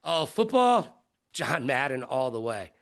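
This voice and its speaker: A middle-aged man, a broadcaster, telling stories in an interview with lively quoted voices. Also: a little slow. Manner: lively, jumps into high-pitched quoted voices. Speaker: guest broadcaster. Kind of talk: animated storytelling in an interview.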